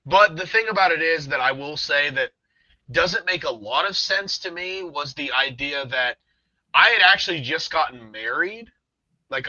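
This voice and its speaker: A man's voice: fairly high pitch, pushed and bright, dry recording. A man hosting a podcast, telling a ghost story in a rambling casual way with many fillers and restarts. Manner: rambling, with frequent "um" and "like" and self-restarts. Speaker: podcast host. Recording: dull lo-fi dry sound.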